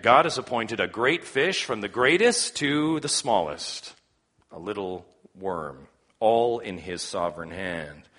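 A man's voice: lowish voice, fairly bright tone, breathy edge. A man preaching a sermon, reading scripture aloud and rising in earnest emphasis, with a cough now and then. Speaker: pastor.

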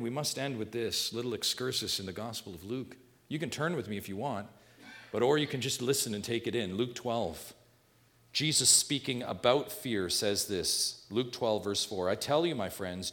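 A man preaching a sermon as pastor, swinging between quiet, low passages and loud, soaring ones.

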